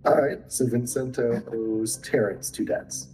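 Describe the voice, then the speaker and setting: A man's voice: mid-range voice, steady tone, measured pace, dark tone, faint music behind, low-quality recording. A man acting as game master, upbeat and joking, laughing often as he explains the rules to his players. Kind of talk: running a tabletop game.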